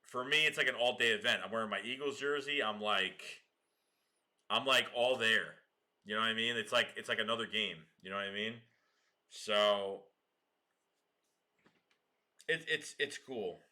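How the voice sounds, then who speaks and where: Sharp-voiced excitable male streamer. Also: lowish voice, measured pace, long pauses. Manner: slangy, excitable, swears and laughs often. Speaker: livestream host. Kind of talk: casual livestream chat.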